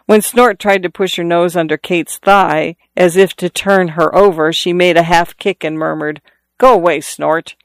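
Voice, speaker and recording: A man narrates a novel in a measured, even manner. His voice is smooth and resonant and sits somewhat high for a man. The sound is dry and close, with no room around it. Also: dry recording. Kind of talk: scripted audiobook narration.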